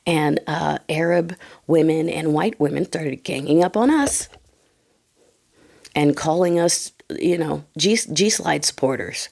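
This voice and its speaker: A woman with a hoarse, fading voice giving blunt opinions in a conversational vlog. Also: deep voice, unhurried, a little mellow. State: hoarse, losing her voice. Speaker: vlogger.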